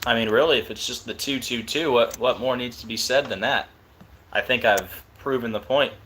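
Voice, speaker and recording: A young man hosting a live stream, talking casually and excitedly in disbelief. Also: medium pitch, moderate pace, a little hiss or hum.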